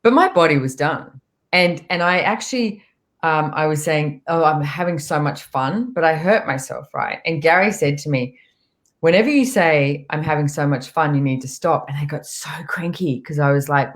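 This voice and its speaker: A woman speaking as a guest in a relaxed conversation, telling stories and voicing what her body says. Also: low voice, moderate pace. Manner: relaxed, storytelling, acts out her body's voice. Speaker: guest facilitator. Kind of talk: casual chat.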